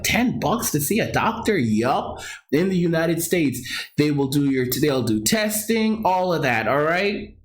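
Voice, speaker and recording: A man with a Long Island, New York accent, talking casually and excitably to livestream viewers, repeating himself and laughing. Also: on the high side. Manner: excitable, repetitive, addresses viewers as guys, often laughs. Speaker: crypto course seller and livestreamer.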